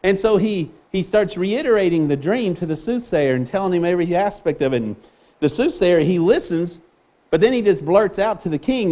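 Male preacher, high-pitched, earnest, restarts a lot. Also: expressive, moderate pace, dark tone. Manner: earnest, with repeated words and restarts. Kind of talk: sermon.

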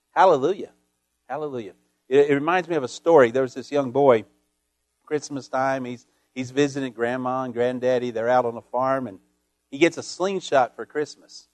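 A man's voice: medium pitch, a little mellow, dry recording. A male pastor preaching a sermon, reading scripture and telling folksy stories with frequent calls of "Amen?".

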